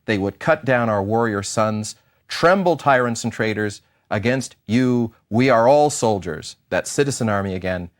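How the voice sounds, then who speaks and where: Middle-aged male professor, lively pitch, theatrical lecture delivery with playful asides. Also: moderate pace. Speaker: history professor. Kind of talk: university lecture.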